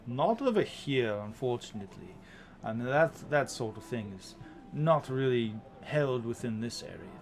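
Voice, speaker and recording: A man's voice: mid-range voice, expressive, normal speed, slight background noise, natural voice. A man voicing a sly, polite male shopkeeper who hedges and stalls. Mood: evasive. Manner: hesitant, hedging, overly courteous.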